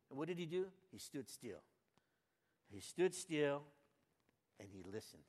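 An older man reading a Bible passage aloud, then musing on it in a folksy, conversational way, rising to loud fervent cries and dropping to quiet asides. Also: a little high, sing-song, measured pace. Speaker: Bible reader and preacher. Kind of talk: informal devotional Bible reading and reflection. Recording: long hall reverb.

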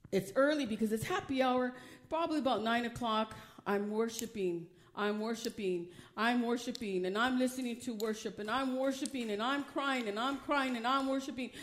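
Woman giving an emotional sermon testimony. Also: fairly high pitch. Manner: emotional, swings from hushed to loud and preachy.

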